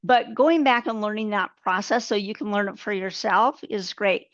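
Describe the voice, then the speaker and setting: A woman's voice: medium pitch, normal speed, no echo. A woman trading coach teaching a live webcast, talking through charts step by step in a conversational way. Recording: dull, dry webcast audio.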